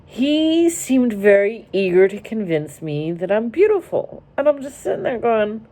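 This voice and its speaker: Her voice here is a little high and mellow, sing-song and unhurried. The young woman from Florida is vlogging from her car, spinning a rambling, wry story to camera and interrupting herself throughout.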